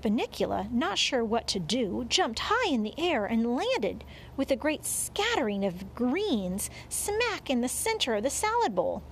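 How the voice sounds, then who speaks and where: A woman narrating a children's audiobook in an expressive storytelling manner. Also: a little high, measured pace, a little hiss or hum.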